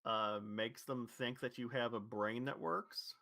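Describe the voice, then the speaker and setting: A man's voice: mid-range voice, fairly even intonation, measured pace, vocal fry, bright, forceful tone, no echo. A man from Louisville with a neutral, accentless American voice, chatting casually and rambling through restarts and corrections. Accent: neutral General American. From Louisville, Kentucky. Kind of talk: casual chat.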